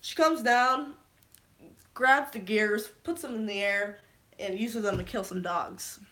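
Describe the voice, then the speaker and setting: A young woman recapping a movie on a live stream, rambling and swearing freely, with sudden excited shouts. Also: mid-range voice, slow pace. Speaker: vlogger.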